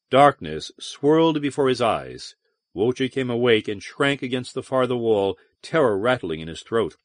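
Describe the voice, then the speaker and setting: A man narrating a science fiction audiobook in an expressive, varied storytelling manner. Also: medium pitch, normal speed, dry recording, studio quality. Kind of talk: scripted narration.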